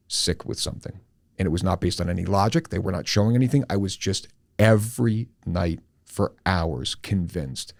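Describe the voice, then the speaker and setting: A middle-aged man hosting a podcast, telling a personal story candidly and with animation, sometimes slowing down and sometimes rushing. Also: low-pitched, no room sound, clean studio sound. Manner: animated, candid, swings between slow and rushed. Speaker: podcast host.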